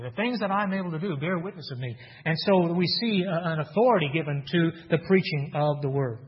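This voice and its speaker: A man's voice: fairly high pitch, a little fast, few pauses. A man preaching a sermon in an earnest teaching tone, asking rhetorical questions and reading scripture aloud. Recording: dull sound with long hall reverb.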